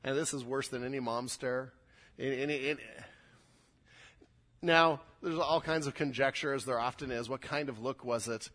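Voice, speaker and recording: A man's voice: mid-range voice, moderate pace, a bit bright. A man preaching a sermon, acting out quoted lines with rising intensity. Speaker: pastor.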